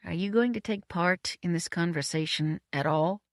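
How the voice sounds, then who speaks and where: A woman's voice: lowish voice, moderate pace, no room sound, studio quality, close to an everyday voice. A woman voicing a refined, cheerful man who speaks in a genteel, admiring way.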